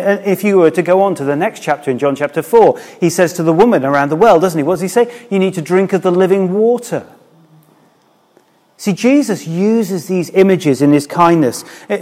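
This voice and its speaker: A man's voice: fairly high pitch, darkish tone, in a large hall. A man, a church minister, preaching a sermon in a candid, conversational way.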